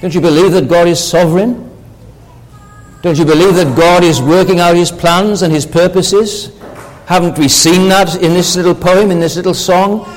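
Preaching man with a high, echoing voice. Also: moderate pace. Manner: earnest, builds to emphatic rhetorical questions. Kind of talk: sermon. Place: church.

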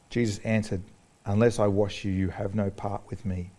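Animated preacher, man. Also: on the low side, moderate pace. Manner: animated preaching, jokes with the congregation, acts out quoted speakers. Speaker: pastor. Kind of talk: sermon.

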